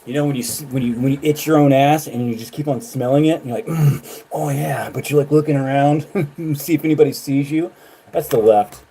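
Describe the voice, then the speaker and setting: A man livestreaming, ranting at his chat in a mocking, profane way, laughing often and swinging from loud jabs to low muttering. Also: fairly quick, slight background noise.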